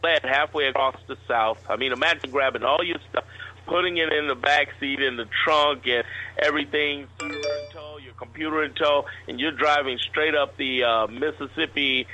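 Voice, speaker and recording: A man's voice: a little high, steady tone, normal speed, pushed and bright, low-quality recording. A man, a guest entrepreneur, telling a rambling anecdote in a casual interview.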